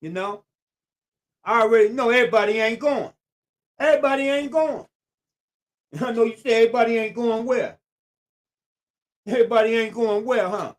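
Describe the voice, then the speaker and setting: A man's voice: extremely high pitch, moderate pace, pauses often. A man speaks on his own live stream. He repeats his phrases over and over with a preacher's emphasis. Now and then he breaks off to greet viewers by name. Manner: talks straight at viewers and greets them by name.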